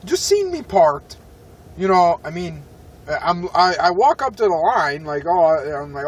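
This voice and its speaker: A man's voice: on the high side, expressive, moderate pace, recorded from a distance. A man telling a profane, rambling story in an irritated tone, talking from a parked car. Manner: irritated, swearing, rambling with restarts. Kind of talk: profane ranting story vlog.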